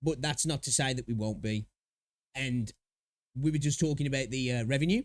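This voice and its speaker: A man's voice: mid-range voice, normal speed, no room sound, clean studio sound. A man hosting a live stream, chatting casually and rambling with many restarts and repeated words. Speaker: livestream host reacting to videos.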